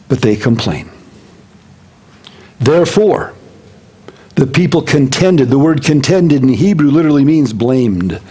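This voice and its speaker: A man, a senior pastor, preaching a sermon and acting out the voices of the people he talks about, dropping low and quiet for prayers. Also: slightly rough.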